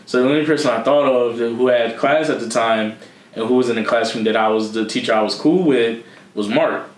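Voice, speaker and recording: A man's voice: medium pitch, fairly quick. A young man from Philadelphia, a podcast co-host with that city's accent, telling a personal story in a candid, casual way, laughing and swearing freely. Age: young adult. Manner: candid, laughing, loose with profanity. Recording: echoey room.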